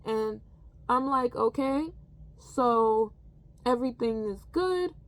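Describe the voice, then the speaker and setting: A woman's voice: fairly high pitch, expressive, slow pace. A woman who works as a teaching assistant, retelling a school incident in a casual storytime vlog and acting out what others said.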